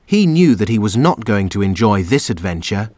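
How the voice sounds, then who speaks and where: A man narrating a children's storybook aloud in an expressive, animated way. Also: lowish voice, moderate pace, no echo.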